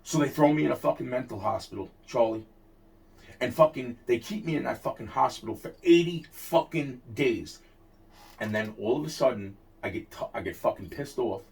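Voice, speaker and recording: A man's voice: mid-range voice, expressive, moderate pace, vocal fry, darkish tone. Heated, profane man ranting. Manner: heated, profane, repeats himself and restarts often. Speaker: interviewee telling a personal story. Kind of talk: casual storytelling rant. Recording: distant mic.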